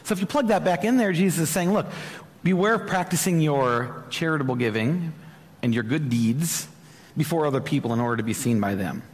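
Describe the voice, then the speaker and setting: A young man giving a conversational sermon as a preacher, animated and talking straight to the congregation with asides. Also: on the high side, fairly quick. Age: young adult. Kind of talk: sermon teaching. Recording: hall reverb.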